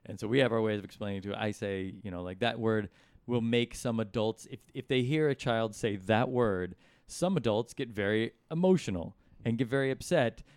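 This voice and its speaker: In a hotel room, a middle-aged guest comedian and musician spins rambling anecdotes in casual conversation, full of fillers and restarts. His voice is on the low side, brisk, smooth and a little mellow, and the recording is dry.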